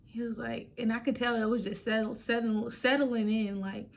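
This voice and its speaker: A woman's voice: on the high side, steady tone, moderate pace. A young woman vlogger chatting casually, retelling a personal story and acting out quotes.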